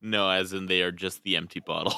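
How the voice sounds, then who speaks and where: Man, very low voice, sharp bright tone, dry close sound, halting casual chat. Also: little pitch movement, vocal fry, clean tone, no echo. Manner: halting, restarts often, laughs easily. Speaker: podcast co-host.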